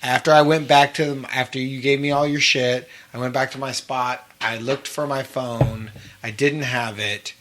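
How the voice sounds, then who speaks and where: A man's voice: medium pitch, fairly even intonation, normal speed, few pauses, background noise. A man co-hosting a podcast in casual chat, blunt and profane, chiming in with his own stories. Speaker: podcast co-host.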